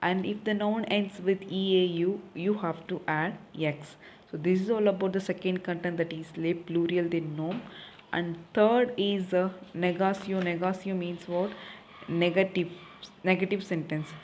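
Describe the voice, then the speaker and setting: A woman's voice: fairly low pitch, steady tone, moderate pace, a little mellow, muffled recording, a little hiss or hum. A young woman teaching a recorded French lesson. She asks questions and answers them herself, often repeating key points.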